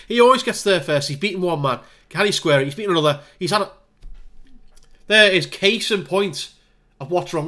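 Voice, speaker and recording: A man with a slightly raised voice talks through a football management game as a casual let's-play. He narrates the action play-by-play, makes dry jokes at his own expense, and gets excited when goals go in. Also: a little high. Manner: wry, self-deprecating asides. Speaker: gaming video creator.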